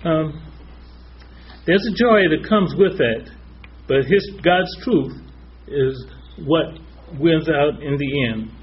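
Male preacher, somewhat high voice, quotes scripture, faint hiss on the recording. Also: slow, long pauses. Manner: cites scripture references, speaks in short phrases. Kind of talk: sermon. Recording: slightly dull with faint noise.

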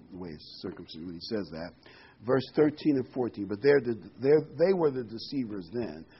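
A man preaching a sermon, animated and repeating key words for emphasis, heard on a dull lo-fi recording. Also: medium pitch, slightly rough.

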